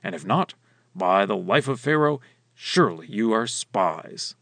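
A man's voice: fairly low pitch, very animated, a little slow, vocal fry, a bit bright, dry recording, pitched below the performer's own voice, heavily acted. A man voicing a stern, powerful ruler while reading scripture aloud, with emphatic delivery. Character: stern powerful male ruler testing strangers.

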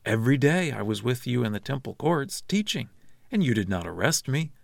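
A man reading the lines of Jesus as a calm, grave teacher in a measured, solemn scripture reading. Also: medium pitch, vocal fry, no room sound, studio quality.

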